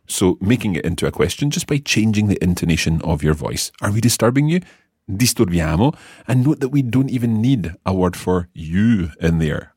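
A man's voice: deep voice, a little mellow, breathy edge, dry recording, clean studio sound. A man teaching a language lesson, patiently explaining step by step and quizzing the learner.

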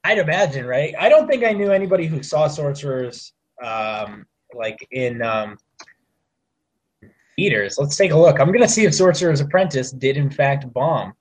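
A young man with a high-pitched voice talks in a casual, profane, animated way. His pitch leaps all over the place as he rants. He is co-hosting a laid-back podcast chat. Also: moderate pace. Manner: profane, animated movie ranting. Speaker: podcast co-host.

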